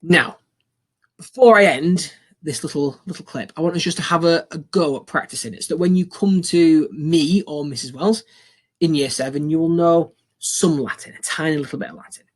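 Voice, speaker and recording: Upbeat teacher, slightly husky. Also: male voice, fairly high pitch, normal speed. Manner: upbeat, encouraging, repeats phrases for learners. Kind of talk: recorded school lesson.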